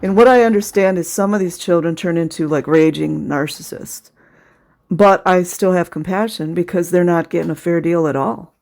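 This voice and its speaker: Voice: mid-range voice, normal speed, creaky, darkish tone. A video commentator talking casually over footage, sarcastic and indignant, sometimes sounding close to tears.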